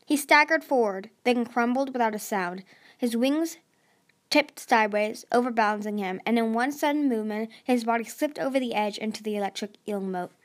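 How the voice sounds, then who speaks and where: A woman's voice: on the high side, normal speed. A woman hosting a podcast, reading a novel aloud expressively with small stumbles. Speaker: audiobook podcast host.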